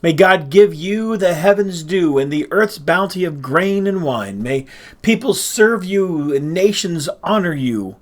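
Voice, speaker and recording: A man's voice: sits high, pitched above the performer's own voice. A man reading aloud and voicing an old blind father who questions anxiously in a raised voice.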